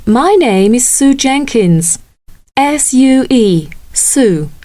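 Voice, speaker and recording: A woman reading lines in a scripted textbook dialogue, introducing herself and spelling her name slowly and clearly. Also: high-pitched, animated, warm tone, no room sound. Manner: slow, deliberate, clearly spelled delivery. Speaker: lesson dialogue reader.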